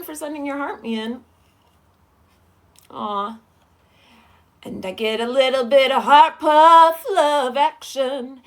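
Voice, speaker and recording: A woman with a high voice streams live in a casual, chatty way. She greets her viewers one by one by name and answers their comments with sweet affection. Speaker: livestreamer. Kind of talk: casual livestream chat.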